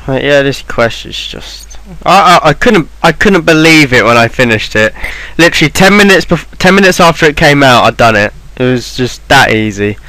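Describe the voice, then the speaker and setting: A man's voice: mid-range voice, lively intonation, normal speed, few pauses, pushed and bright, dry recording, poor audio. A man talking through a game walkthrough in an offhand, rambling way, with plenty of ums and restarts. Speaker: game guide maker. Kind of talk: casual game walkthrough voice-over.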